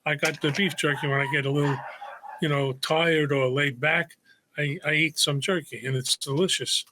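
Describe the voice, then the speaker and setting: A man's voice: fairly high pitch, steady tone, normal speed, sharp tone, slight background noise. An older man from Brooklyn with a Brooklyn accent, a chatty guest telling stories in a casual interview, often repeating words. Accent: Brooklyn New York. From Brooklyn, New York.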